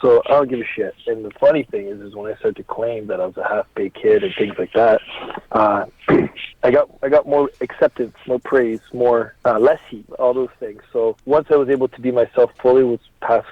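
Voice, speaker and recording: A man in his thirties, a pro wrestler guest on a podcast, telling stories in a relaxed way, chuckling often and swearing casually. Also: medium pitch, normal speed, dry recording. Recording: dry, slightly dull podcast audio.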